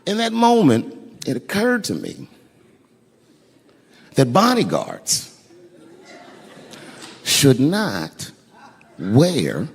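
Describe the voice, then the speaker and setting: A man doing stand-up, telling a story in a lively, profane way and acting out the people in it, recorded live on an arena stage. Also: sits high, moderate pace, pauses often. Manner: animated, profane, acts out voices. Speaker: stand-up comedian. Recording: live arena recording with long reverb and crowd noise.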